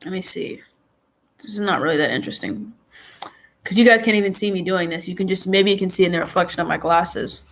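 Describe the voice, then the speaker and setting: A woman's voice: fairly low pitch, brisk, slight background noise. Chatty stuffy-nosed woman rambling on a live stream. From New York. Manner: chatty, rambling, restarts sentences often. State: stuffy, runny nose.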